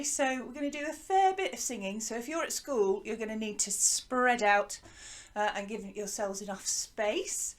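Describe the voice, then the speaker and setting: Lively, encouraging woman music teacher. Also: on the high side. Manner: lively and encouraging, call-and-response with pupils. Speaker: primary school music teacher. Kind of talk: online music lesson for children. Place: garden hut.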